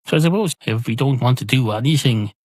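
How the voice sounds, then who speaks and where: An Irish man voicing a weary, rambling barman in a deadpan, self-pitying comic manner. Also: mid-range voice, fast, no room sound, voice pushed up, lightly acted. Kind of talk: comic storytelling.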